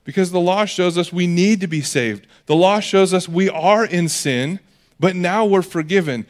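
Casual-talking male pastor, fairly high voice. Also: moderate pace. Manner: casual, conversational preaching. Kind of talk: sermon.

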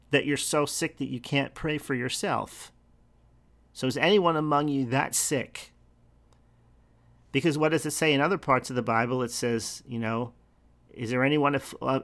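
Male preacher, mid-range voice with a gravelly edge, earnest unhurried sermon delivery. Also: medium pitch, a bit bright. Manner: earnest, unhurried teaching with pauses and restarts.

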